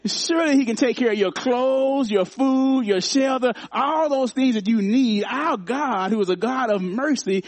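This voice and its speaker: A man's voice: extremely high pitch, a little slow, hardly any pauses, dry recording. A man preaching a sermon, repeating phrases for emphasis and calling out to his congregation. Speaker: pastor. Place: church.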